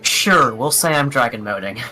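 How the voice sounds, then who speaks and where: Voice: medium pitch, expressive, moderate pace, sharp tone, soft background music. A player in a tabletop game, easygoing and often laughing. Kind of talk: casual tabletop play.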